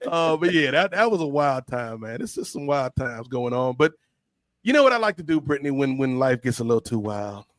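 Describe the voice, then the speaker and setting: A man co-hosting a podcast, telling stories in an animated, slangy way. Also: mid-range voice, a little fast, no echo. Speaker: podcast co-host. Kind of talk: casual storytelling chat.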